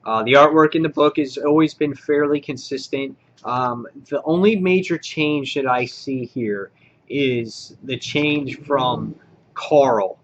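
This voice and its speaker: A man giving a casual comic book review, rambling with many filler words and getting excited as he goes. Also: medium pitch, slow, muffled recording.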